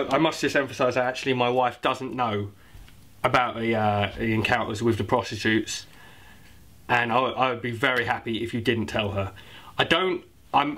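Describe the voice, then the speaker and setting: A man's voice: mid-range voice, pushed and bright. A young British man in a comedy sketch, playing an awkward, rambling author plugging his own book. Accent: British English. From Britain. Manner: rambling, awkward, self-promoting. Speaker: comic playing a self-published author.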